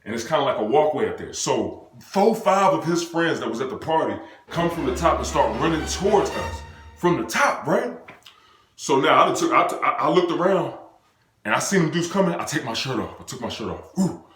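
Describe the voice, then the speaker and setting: An excitable young man from the United States tells a wild personal story, his voice leaping up and down as he acts out every scene. He talks loose and slangy with bursts of sound effects, and the room around him rings with a noticeable echo. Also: fairly high pitch, brisk, faint music behind. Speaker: vlogger telling a personal story. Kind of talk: animated storytime monologue. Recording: roomy echo.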